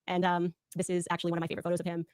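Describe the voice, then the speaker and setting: A woman rattles off anecdotes at breakneck speed in a low-set voice. She is animated and often slips into imitations when quoting people. The sound is dry and close to the mic. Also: clear, resonant tone, no echo. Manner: rapid, animated, mimics others in quotes. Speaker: speaker telling personal stories. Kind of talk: recorded personal storytelling.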